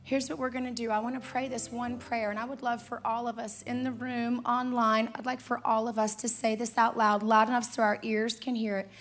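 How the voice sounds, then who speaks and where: A woman's voice: fairly high pitch, little pitch movement, faint music behind. Earnest woman pastor preaching. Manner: earnest, leads congregation in prayer, slows and swells on key words. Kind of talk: sermon with altar call and prayer. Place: church auditorium, also streamed online.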